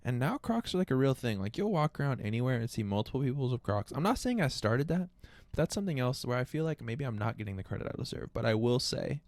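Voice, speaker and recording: A man's voice: mid-range voice, sing-song, fast talker, a little mellow, dry recording. A man hosting a podcast, joking around in a playful, mock-serious way. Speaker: podcast host.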